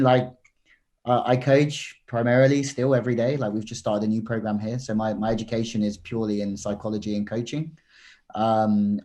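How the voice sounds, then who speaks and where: Laid-back English man, low voice. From England. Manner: relaxed, chatty, laughs easily. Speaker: guest commentator and coach. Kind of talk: casual podcast chat.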